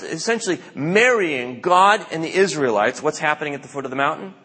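This man's voice sits on the high side, a bit bright and slightly rough. He's a pastor delivering a sermon, relating stories in a chatty manner and performing the quotes he recounts. A large hall lends a long reverb.

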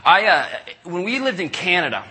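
A middle-aged man preaching, telling a story with lively asides and acting out the people in it. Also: sits high, normal speed, slightly rough. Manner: animated, acts out callers in raised voices. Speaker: pastor. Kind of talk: sermon storytelling. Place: church service.

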